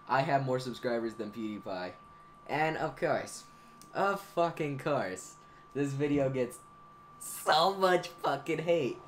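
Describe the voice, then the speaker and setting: A teenage boy talking through his channel's history in a rambling, profane, excitable way, as a gaming YouTuber looking back. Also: mid-range voice, slight background noise. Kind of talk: casual anniversary vlog monologue.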